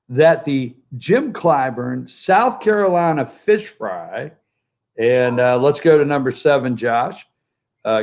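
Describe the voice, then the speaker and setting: Gravelly, sarcastic talk-show man. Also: mid-range voice. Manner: sarcastic, jokey and animated. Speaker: host of a political opinion show. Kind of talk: opinionated talk-show commentary. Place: at home by a pool, remote from the studio.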